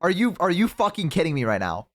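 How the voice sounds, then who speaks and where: Male streamer, casual reactions, high voice that jumps around, disbelieving. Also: big pitch swings, quick pace. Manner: incredulous, exclaiming, swearing.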